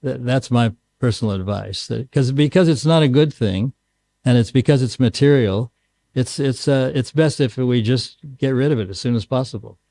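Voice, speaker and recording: Halting man with a gravelly voice. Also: medium pitch, mellow, no echo. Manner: halting, many restarts and pauses. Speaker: guru giving a scripture class. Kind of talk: unscripted question-and-answer talk.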